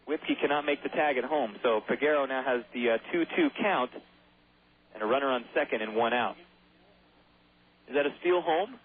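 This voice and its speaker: A man calls a baseball game play-by-play at a mid pitch, keeping up a chatty stream with jokey asides between pitches. His voice comes through a thin, phone-like radio broadcast with no low end. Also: slightly rough.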